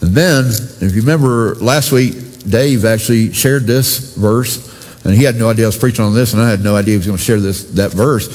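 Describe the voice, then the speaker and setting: A man's voice: on the low side, a little fast, darkish tone. A male pastor preaching a sermon in a conversational way, talking directly to his congregation. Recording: long reverb from a church hall.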